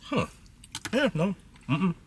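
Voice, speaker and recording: A man's voice: high voice, big pitch swings, takes it slowly, slight background noise. A man casually reviewing food he is eating, chatty and blunt, with loose slangy talk.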